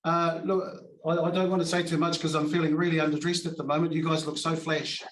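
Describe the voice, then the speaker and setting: A man's voice: a little high, flat delivery, quick pace, fairly bright tone, slight background noise. A man from New Zealand, with its accent, giving an informal, self-deprecating acceptance speech with many fillers at an awards ceremony. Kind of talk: acceptance speech in Māori and English. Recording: echoey, from far off.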